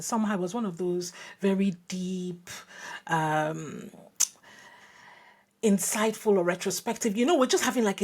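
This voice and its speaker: A woman's voice: on the low side, slightly rough. A woman from Nigeria hosting a podcast, telling a personal story in a reflective way with frequent restarts and asides. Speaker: podcast host.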